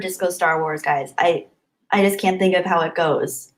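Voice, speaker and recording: A woman chatting casually on a live stream from her home webcam setup, reading chat and greeting viewers with bubbly, gushing excitement and little gasps. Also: on the low side, normal speed, low-quality recording. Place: home, apartment.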